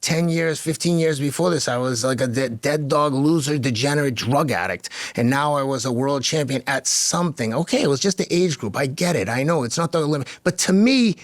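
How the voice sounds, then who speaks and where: A man's voice: on the high side, a little fast, few pauses, no room sound. Emphatic storytelling man in his fifties. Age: 50s. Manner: emphatic, animated storyteller who acts out dialogue. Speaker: podcast guest, masters marathon runner. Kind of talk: casual interview chat.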